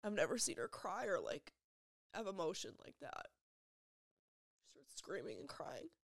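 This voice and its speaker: A young woman with a lowish voice tells a painful personal story on her vlog. She speaks in halting, emotional bursts, circling back on her words and filling gaps with "like". The sound is close and dry, with no room echo. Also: very animated, vocal fry. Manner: halting, emotional retelling with repeated phrases and many "like" fillers. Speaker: vlogger.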